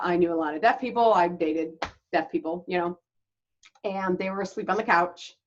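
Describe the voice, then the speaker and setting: A woman's voice: medium pitch, dull audio. A woman hosting her own channel, telling her life story to the camera in a candid, chatty way and laughing between lines. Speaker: channel host.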